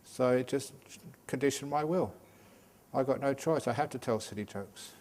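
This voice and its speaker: An older man, a Buddhist monk, teaching meditation in a humorous, lively Dhamma talk full of jokes. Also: mid-range voice, moderate pace. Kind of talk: Dhamma talk at a day retreat.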